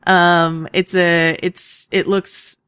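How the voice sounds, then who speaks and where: A woman co-hosting a podcast in casual chat, chatty and quick to laugh, with lots of fillers. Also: lowish voice, level tone, fairly bright tone, clear, resonant tone, no echo, studio quality. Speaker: podcast co-host.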